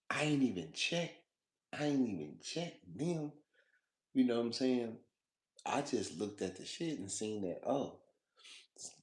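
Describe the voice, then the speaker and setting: Casual male vlogger, low voice, slangy profane ramble, roomy echo. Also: a little mellow. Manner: loose, slangy, profane, laughs often; repeats himself and talks to the viewer. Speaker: food vlogger.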